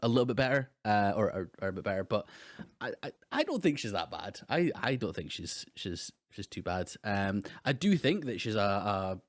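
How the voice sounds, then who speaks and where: Low-voiced hesitant man, dry sound. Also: very animated, no room sound. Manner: hesitant, measured, many fillers. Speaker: podcast co-host. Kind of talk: casual film discussion.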